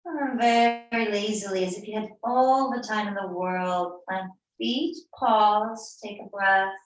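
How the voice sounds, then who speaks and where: Woman yoga teacher, very slow and calming delivery, live-streamed from a far mic in an echoey room. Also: medium pitch, slight background noise. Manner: slow, soothing, unhurried cues. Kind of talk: live yoga class instruction.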